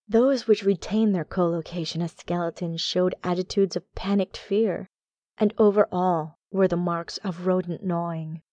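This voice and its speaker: A woman narrating a gothic horror tale as an audiobook, in a measured, deliberate reading. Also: lowish voice, mellow, dry recording.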